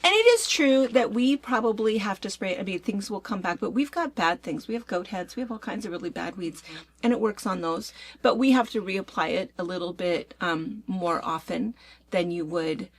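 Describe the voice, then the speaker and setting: A middle-aged woman from Washington State co-hosting a casual chat, talking in an animated, ranting way. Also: mid-range voice, moderate pace. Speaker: co-host.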